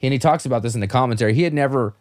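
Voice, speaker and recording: A man's voice: medium pitch, rapid-fire, dry recording, clean studio sound. A man hosting a casual movie discussion podcast, talking with enthusiasm and acting out quotes. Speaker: podcast host.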